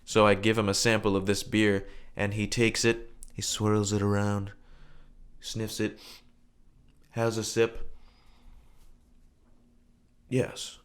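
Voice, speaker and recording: A man tells a story from his bartending days straight to camera. He speaks in a lively storyteller's way and acts out the quoted lines. His voice sits a little low. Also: measured pace, clean tone.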